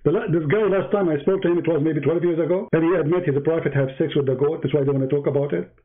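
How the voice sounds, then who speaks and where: A man's voice: a little high, rapid-fire. A man hosting a heated live debate, mocking and taunting his opponent in broken English. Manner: broken, non-native English grammar. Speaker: debate host. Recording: tinny phone-like line.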